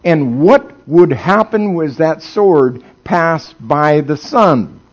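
A fairly high-voiced male preacher who takes his time, drawing out his words. His sermon swings between hushed storytelling and loud, exclaiming bursts, and he throws questions out to the audience. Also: lively intonation, takes it slowly.

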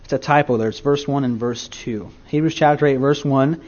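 A man's voice: medium pitch, fairly quick, a little mellow. A male pastor preaching a sermon, telling folksy stories and speaking directly to his congregation. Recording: dull lo-fi recording.

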